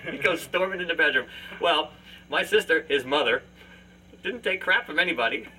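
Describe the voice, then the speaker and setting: A man's voice: fairly high pitch, animated, moderate pace, sharp tone, far from the mic, a little hiss or hum, low-quality recording. A man hosting his own show from a family home, telling anecdotes with frequent laughter and acted-out voices. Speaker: podcast host and musician. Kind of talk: casual family storytelling. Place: family home, live remote.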